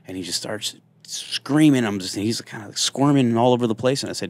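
A man in his thirties spins lively, jokey stories from his police days. He acts out every quoted line with a rising, playful voice. His voice sits a touch low and the sound is close and dry. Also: fast, few pauses, dry recording. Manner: animated, jokey storyteller who acts out quotes. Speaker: country singer and former police officer. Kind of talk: casual storytelling in a podcast interview.

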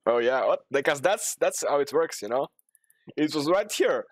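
A young man streaming a game live, talking to himself and yelling and swearing in sudden bursts at his teammates. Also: fairly high pitch, animated, normal speed, no room sound, clean studio sound. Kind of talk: live gameplay commentary.

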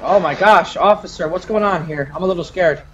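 A man voicing a loud, boastful male street gang member in a game role-play, taunting in heavy street slang. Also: high voice, brisk, highs cut off, a little hiss or hum, close to an everyday voice. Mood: mock scared.

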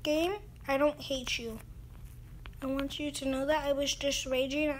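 A woman's voice: high voice, little pitch movement, moderate pace, a little hiss or hum. A young woman giving casual gameplay commentary, ranting and repeating herself in exasperation. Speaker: gaming YouTuber.

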